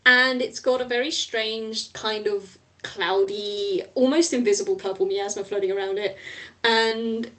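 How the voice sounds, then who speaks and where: A woman narrating as game master of a tabletop game, lively and often laughing. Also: mid-range voice, a little slow.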